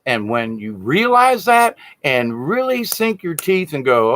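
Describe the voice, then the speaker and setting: Animated, blunt-talking male spiritual teacher. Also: fairly high pitch, a little slow, hardly any pauses, no echo. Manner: frank and blunt, swears casually, folksy. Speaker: shaman teacher. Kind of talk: informal spiritual teaching monologue.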